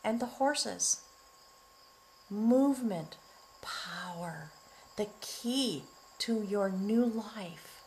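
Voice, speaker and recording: A middle-aged woman gives a heartfelt spiritual tarot reading at an unhurried pace, lingering on her words and sometimes softening to a near whisper. Her voice sits at an average pitch for a woman. Faint cricket sounds hum behind her. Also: rough recording. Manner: earnest and emotional, often choked up, breaking into soft laughs; slow, drawn-out delivery with soft near-whispered words. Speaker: tarot reader.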